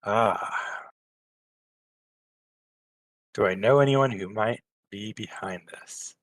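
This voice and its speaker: A player in a tabletop game asking questions in a slow, halting way, repeating words as they go. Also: mid-range voice, low-quality recording.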